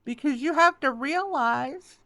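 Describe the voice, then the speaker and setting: A woman's voice: high voice, measured pace, fairly bright tone, no room sound. Woman, tearful, reassuring, repetitive, tarot reading, dry close recording. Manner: emotional, reassuring, repetitive, says "okay" and "baby". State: close to tears. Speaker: tarot reader.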